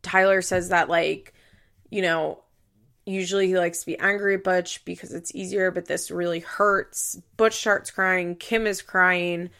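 A woman's voice: fairly low pitch, steady tone, measured pace, creaky, a bit bright. A young woman hosting a podcast, chatting casually through a recap, with lots of "like" and acted-out quotes. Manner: chatty, uses "like" a lot, acts out quotes. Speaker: podcast host.

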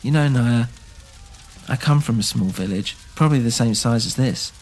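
A man's voice: mid-range voice, moderate pace, darkish tone, faint music behind, lightly acted. A man voicing an impassioned young man, an orphaned outsider who pleads earnestly and turns defiant, in a scripted audio drama. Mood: pleading.

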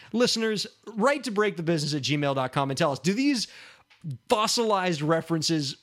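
Easygoing, higher-voiced male podcast co-host. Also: lively intonation, normal speed, a bit bright. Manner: easygoing, self-deprecating, fumbling and restarting while he thinks. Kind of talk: casual podcast banter.

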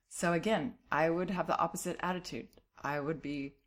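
A middle-aged woman with a somewhat low voice gives parenting advice in a calm, encouraging monologue. She sounds reassuring and steady, with a light laugh now and then as she answers a listener's letter. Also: moderate pace, few pauses.

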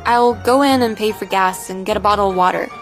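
A woman voicing a frightened teenage girlfriend on the run who speaks in a shaky, nervous way, with soft music behind. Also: mid-range voice, fairly quick, natural voice.

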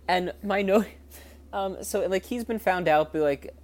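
A woman co-hosting a podcast, recapping a TV episode in casual chat, hesitant with fillers and quick to laugh. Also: mid-range voice, darkish tone. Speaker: podcast co-host.

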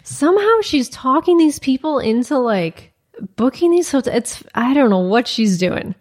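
A woman co-hosting a podcast, casually retelling a story and acting out the quoted lines, with lots of "like" fillers. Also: fairly high pitch. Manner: animated retelling, acts out quoted dialogue, many "like" fillers. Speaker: podcast co-host.

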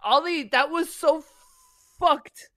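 A man's voice: very high-pitched, slow pace, fairly bright tone, dry recording. A man co-hosting a casual podcast, swearing freely, laughing often and trailing off into restarts. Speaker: podcast co-host. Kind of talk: casual chat.

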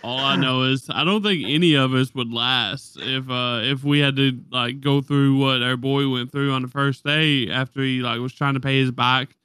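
A man co-hosting a casual anime podcast, relaxed and heavy on slang. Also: medium pitch, normal speed, hardly any pauses, smooth, dry recording. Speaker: podcast co-host.

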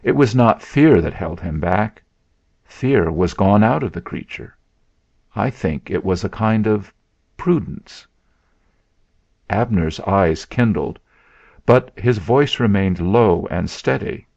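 Man, story narration, measured, gravelly, low-pitched. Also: lively intonation, a little mellow. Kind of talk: scripted narration. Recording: dull lo-fi sound.

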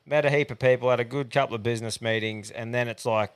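An Australian man co-hosting a podcast, recounting a night out with loud laughter and free swearing. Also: mid-range voice, fairly even intonation, fast talker, clear, resonant tone. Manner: swears freely, laughs loudly. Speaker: podcast co-host. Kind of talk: casual crude storytelling.

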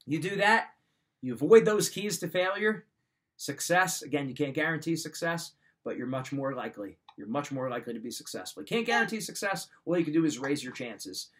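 A man's voice: fairly high pitch, animated, fairly quick, fairly bright tone. A man hosting a motivational talk, giving life advice in a direct coaching manner and repeating his key points.

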